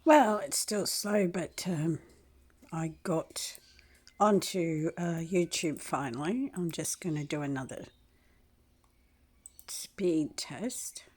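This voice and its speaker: A woman in her sixties, rambling through a complaint to the camera and clearing her throat often. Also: sits low, slow pace, pauses often, darkish tone. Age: 60s.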